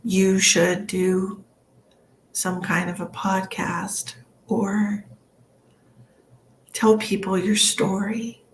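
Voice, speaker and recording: A woman's voice: medium pitch, flat delivery, very slow, long pauses, a little hiss or hum. A woman psychic medium giving an emotional, earnest live-streamed reading, soothing and rambling with many fillers. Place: home livestream.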